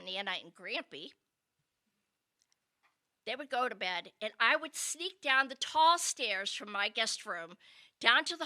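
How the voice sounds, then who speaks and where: A woman's voice: fairly high pitch, sharp tone. A woman telling a comedic personal story with wry asides to her listeners.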